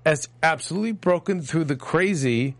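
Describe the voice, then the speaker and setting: A man's voice: a little high, animated, moderate pace, no room sound. An older man co-hosting a casual show, easygoing and teasing, often jokingly yielding to his co-host. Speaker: podcast co-host. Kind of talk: casual chat.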